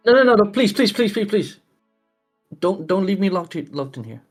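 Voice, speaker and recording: A man's voice: sits high, big pitch swings, moderate pace, soft background music, pitched above the performer's own voice. Young male captive, frantic and stammering, played by a man with a voice pushed well above his own. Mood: pleading. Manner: stammering and pleading. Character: desperate young man imprisoned by his father.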